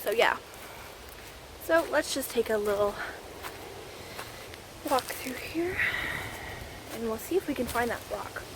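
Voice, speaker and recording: Walking outdoors in the woods, a Canadian vlogger rambles breathlessly and leans on lots of fillers in casual chat. Her slightly high voice is animated but slow, with frequent pauses. Faint outdoor sound sits in the background.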